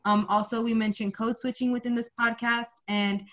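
A woman's voice: fairly high pitch, level tone, normal speed, fairly bright tone. A young woman hosting a podcast, upbeat and chatty, with lots of fillers. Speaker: podcast host.

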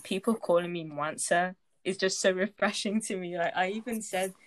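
A young woman in casual chat, relaxed and full of fillers. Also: fairly low pitch, moderate pace. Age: young adult.

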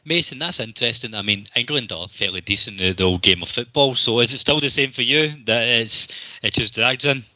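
A man's voice: medium pitch, fairly quick, sharp tone, dry recording. A man hosting a casual football podcast, chatty and jokey, swearing freely. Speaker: podcast host.

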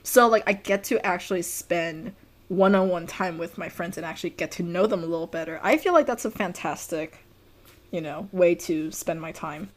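A young woman hosting her own podcast in a loose, rambling chat. She strings thoughts together with constant fillers and trailing asides. Her voice sits a little low for a woman. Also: normal speed. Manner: rambling, heavy use of "like". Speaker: podcast host. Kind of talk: casual chat.

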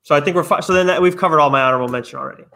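A man co-hosting a podcast, eager and blunt, reacting quickly in casual chat. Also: a little high, creaky, pushed and bright. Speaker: podcast co-host.

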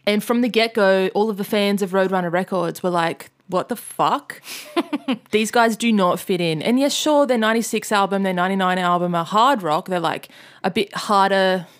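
A woman's voice: medium pitch, moderate pace. Chatty woman telling a story. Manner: storytelling, loose and swear-heavy, mimics angry fans in loud outbursts. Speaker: podcast co-host. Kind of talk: casual chat.

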